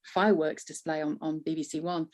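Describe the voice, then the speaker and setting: A woman's voice: low-pitched, brisk. A woman with a Northern English Manchester accent, chatting as an interview guest, laughing often as she tells stories. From north of England. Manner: warm, laughs often, animated storytelling. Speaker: voiceover artist, guest. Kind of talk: casual interview chat.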